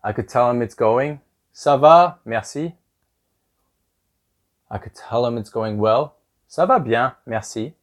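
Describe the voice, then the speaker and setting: A man's voice: mid-range voice, animated, slow, long pauses. A man hosting a podcast language lesson as a teacher, upbeat and repeating phrases with exaggerated rising intonation.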